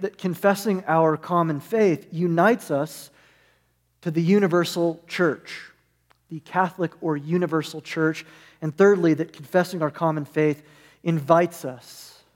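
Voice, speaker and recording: Earnest high-voiced preacher in a reverberant hall. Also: male voice. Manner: earnest, builds through repeated parallel phrases. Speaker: pastor. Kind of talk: sermon.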